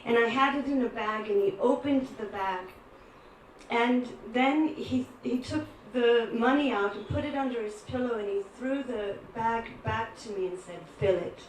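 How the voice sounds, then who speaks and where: A woman's voice: on the high side, normal speed, a little hiss or hum. A woman giving an earnest devotional talk, telling personal stories to a gathering. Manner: earnest, storytelling. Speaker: devotional speaker. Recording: roomy echo, from a distance.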